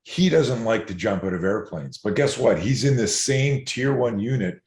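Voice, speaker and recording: A man who teaches self-defense, telling stories in an interview in an animated, digressive way. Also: lowish voice, moderate pace. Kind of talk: storytelling interview answers. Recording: roomy echo.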